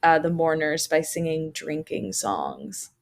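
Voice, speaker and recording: A woman's voice: low-pitched, sing-song, takes it slowly. A woman co-hosting a podcast, reading out a local legend and breaking in with casual asides and fillers. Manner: reads notes, then adds casual asides with fillers. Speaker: podcast co-host.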